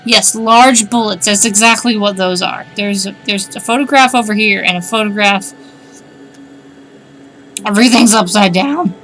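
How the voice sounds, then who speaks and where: A woman's voice: medium pitch, steady tone, normal speed, hardly any pauses, fairly bright tone, slight background noise. A woman streaming a game, chatting wryly, thinking aloud and reading on-screen text. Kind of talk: casual let's-play commentary.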